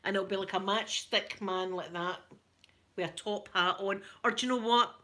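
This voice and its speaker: A middle-aged Scottish woman chatting casually with live viewers on an ASMR stream, giggly and rambling, often dropping to soft whispers. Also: mid-range voice, moderate pace. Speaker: ASMR creator.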